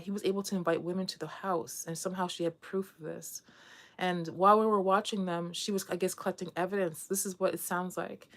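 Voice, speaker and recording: Candid rambling woman vlogger, low voice. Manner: candid, rambling, frequent restarts. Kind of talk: casual chat to camera.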